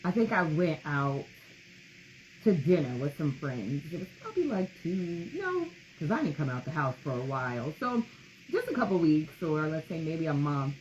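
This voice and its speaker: A woman's voice: sits low, normal speed. A woman co-hosting a grief podcast, openly telling her own story in a reflective way. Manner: open, reflective, lively storytelling. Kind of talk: casual podcast talk about grief. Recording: slightly muffled with faint background noise.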